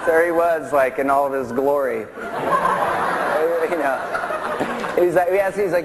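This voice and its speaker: A man's voice: on the high side, animated, unhurried, long pauses, noisy background. A man from a band telling a rambling anecdote in an interview, laughing as he goes. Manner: rambling, laughing through the story. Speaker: band member.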